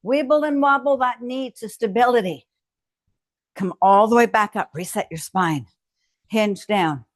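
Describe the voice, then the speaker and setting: At a measured pace, a woman with a higher-pitched voice coaches a home strength workout in a dry recording. She cues every move and cheers the viewer along encouragingly.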